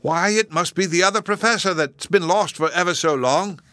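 A man voicing a kindly, excitable old male professor with a fussy, chirpy manner. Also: sits high, normal speed, no echo, voice pushed up. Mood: fussy, cheerful.

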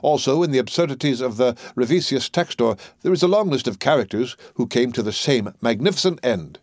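A man's voice: mid-range voice, animated, fairly quick, a little mellow, no echo, natural voice. A man voicing an eccentric wealthy host who swings from mocking laughter to musing cordiality in a storybook reading. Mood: flamboyant. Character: eccentric wealthy male host, theatrical and mercurial.

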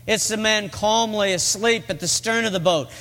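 A man's voice: high voice, normal speed, vocal fry, bright, forceful tone. A middle-aged man preaching a sermon in a church, telling the story earnestly and rising to emphatic peaks. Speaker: pastor. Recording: long reverb of a large hall.

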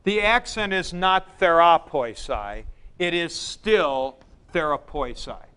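A male teacher gives a classroom lecture at an unhurried pace. His voice sits fairly high for a man and comes through smooth and clean. He thinks aloud and repeats key points for emphasis as he works at the board. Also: lively intonation, bright, forceful tone. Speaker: Greek teacher.

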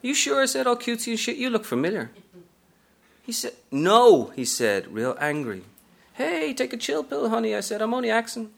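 A man's voice: extremely high pitch, very animated, fairly quick, creaky, fairly bright tone, pitched above the performer's own voice, full character voice. A man reading aloud from a novel, narrating as a brash, streetwise aging woman hustler in a sassy first-person style.

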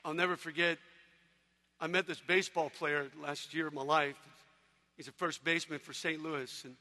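A man preaching an energetic sermon, telling stories with animated shouts and sudden hushed drops. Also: fairly high pitch, normal speed, long reverb tail. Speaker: evangelist speaker.

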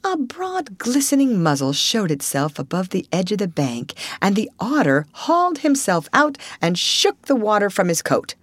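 A woman narrating a classic storybook in a gentle, measured way. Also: medium pitch, huge pitch swings, dry recording. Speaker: audiobook reader.

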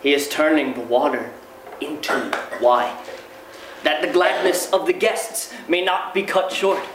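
Guy reading a soft old monk elder, super slow and loving, echoey far-off sound. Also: fairly high pitch, fairly even intonation, noisy background, close to an everyday voice. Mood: tender. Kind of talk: dramatic reading. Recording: echoey room, mic far off.

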